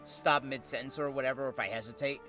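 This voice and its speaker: A man's voice: medium pitch, steady tone, fast, bright, forceful tone, soft background music. A man streaming a game, talking casually in a rambling, hesitant way with lots of fillers; he is tired and slurs slightly from a sore tongue. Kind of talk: casual livestream commentary.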